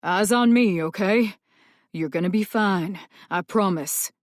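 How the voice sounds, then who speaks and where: A woman's voice: medium pitch, measured pace, no room sound, studio quality, close to an everyday voice. A woman voicing a male paramedic who steadily reassures an injured boy in an audiobook. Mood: reassuring. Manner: firm, reassuring, coaxing.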